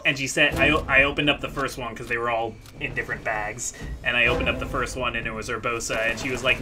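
A man's voice: mid-range voice, steady tone, fast talker, few pauses, background noise. A man co-hosting a let's play, chatting casually over gameplay in a rambling way, laughing often and correcting himself mid-sentence.

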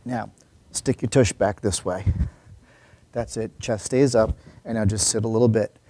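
A man coaching a workout, a bit winded from the effort. His voice is mellow and warm, and the sound is dry with no room around it. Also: on the low side, steady tone, unhurried, no echo. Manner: giving instructions while exercising. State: out of breath. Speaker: fitness trainer. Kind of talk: coaching a workout while talking.

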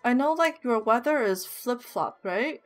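A woman's voice: fairly high pitch, expressive, a little slow. A young woman streaming a game, chatting casually with viewers, reading chat aloud and giggling often. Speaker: live streamer. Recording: music playing behind the voice.

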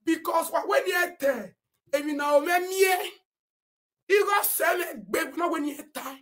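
Nigerian woman live-streamer, high and indignant, loud Pidgin rant. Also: a little slow. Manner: animated and indignant, often shouting and reading comments aloud.

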